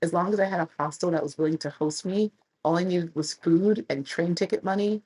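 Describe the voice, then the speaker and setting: A woman in her thirties, a travel creator telling stories casually and animatedly, with a husky voice. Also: fairly low pitch, a little fast, rough recording. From United States. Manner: animated, chatty storyteller who laughs and acts out quotes. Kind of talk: casual storytelling to camera.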